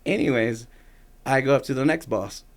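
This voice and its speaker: A man's voice: mid-range voice, moderate pace. Man telling a profane story, full of quotes. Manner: loose, profane anecdotes with lots of "like" and acted-out quotes. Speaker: podcast guest, Marine Corps veteran. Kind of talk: casual storytelling.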